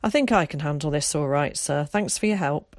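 A woman voicing a weary, gruff but kindly middle-aged male ticket man who asks questions. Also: sits low, fairly quick, no room sound, clean studio sound.

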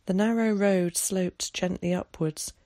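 A narrator reading a novel aloud in a measured storytelling manner. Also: mid-range voice, fairly even intonation, darkish tone, no echo, studio quality. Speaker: audiobook narrator. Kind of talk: scripted narration.

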